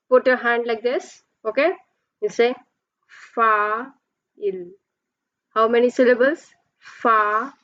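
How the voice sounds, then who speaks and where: A woman's voice: mid-range voice, no echo, lo-fi sound. A woman teacher giving a pronunciation lesson, explaining patiently step by step and drawing out her example words.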